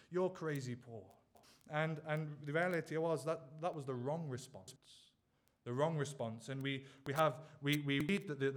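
A male preacher delivering a sermon in a voice sitting a little higher than most men's. He drives his point home with earnest rhetorical questions, leaning on each one.

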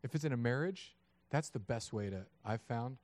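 Pastor in his thirties delivering a sermon, mid-pitched and animated, dry close-miked sound. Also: moderate pace, dry recording. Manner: animated, acts out voices of God and people.

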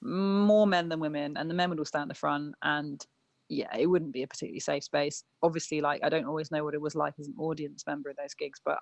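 A woman's voice: low voice, fairly even intonation, fast talker, creaky, dry recording. A woman in her thirties, a punk band musician being interviewed, talking in a chatty way full of fillers and self-corrections. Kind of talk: casual interview chat.

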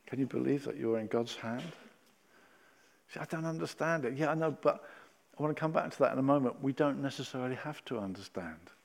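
A man preaching a sermon, acting out Bible scenes and swinging between loud and hushed delivery. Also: mid-range voice, fairly quick, creaky, slight background noise.

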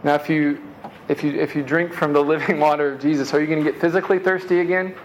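A man preaching in a relaxed, chatty way with a somewhat high voice. He sprinkles in quick asides and often trips back over a word before pressing on. A faint hum sits behind him. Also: lo-fi sound. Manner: casual conversational preaching, frequent "man" and "right?" asides; repeats words while restarting. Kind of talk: sermon.

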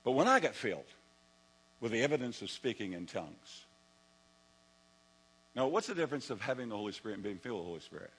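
A male pastor preaching a lively sermon and telling stories from his own life, sometimes acting out his younger self. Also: mid-range voice, fast talker, long pauses, husky, poor audio. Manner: animated storytelling, acts out his own past voice.

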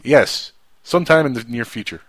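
Chatty, animated male radio host. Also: mid-range voice, moderate pace. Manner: rambling, jokey storyteller who slips into impressions. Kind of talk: casual radio chat.

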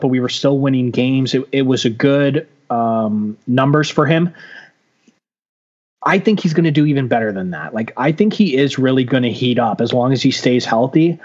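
A man co-hosting a casual sports chat, blunt and opinionated, swearing often. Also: medium pitch. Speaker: podcast co-host. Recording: dull lo-fi audio.

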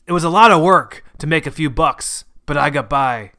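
A man doing a gruff old grandpa. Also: a little high, normal speed, pushed and bright. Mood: reminiscing. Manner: hollering, rough, defiant. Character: gruff old male grandfather, drunk junk dealer.

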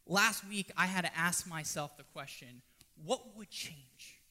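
A man preaching a sermon, swinging from loud pleading to hushed, almost whispered lines. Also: high voice, unhurried. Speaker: pastor.

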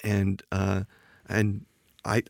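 A man's voice: sits low, monotone, drawn-out words, gravelly, no echo, studio quality. A man who designs board games, telling the story in a casual podcast interview with rambling restarts and fillers.

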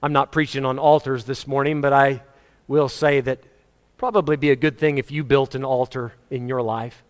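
A man's voice: mid-range voice, little pitch movement, normal speed. A male pastor preaching a sermon, telling stories with emphasis. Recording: long hall reverb.

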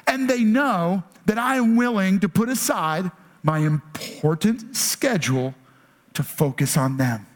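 A man's voice: high-pitched, animated, measured pace. A man preaching a conversational sermon as pastor, dropping in rhetorical "right?" asides and acting out his children's pleading voices.

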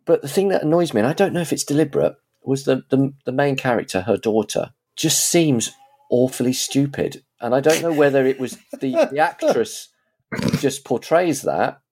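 A man's voice: mid-range voice, lively intonation, normal speed, a little mellow. A man in casual chat, reviewing TV series in a rambling, chatty way with frequent restarts.

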